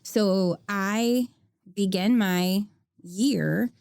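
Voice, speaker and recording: A woman's voice: medium pitch, drawn-out words, vocal fry, a little mellow, clean tone, no echo, studio quality. A woman teacher co-hosting a casual podcast, giggly and self-deprecating as she explains her classroom habits.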